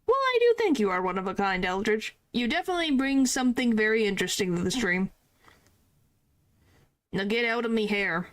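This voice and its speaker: A woman voicing a gruff older male prison governor with a Scottish accent, reading game dialogue aloud in a curt, dismissive way. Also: fairly high pitch, big pitch swings, fairly quick. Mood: grudging. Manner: curt, dismissive, clipped dialect.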